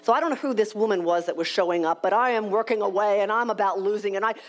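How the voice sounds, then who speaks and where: A woman giving a motivational talk to young professionals, telling a personal story in an animated, frank and self-deprecating way, often acting out her own past words. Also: mid-range voice, quick pace, soft background music. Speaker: speaker at a leadership conference.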